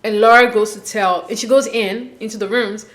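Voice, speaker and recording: A woman hosting a casual recap of a dating show, chatty, opinionated and quick to laugh. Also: mid-range voice, steady tone. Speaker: reality show recap host.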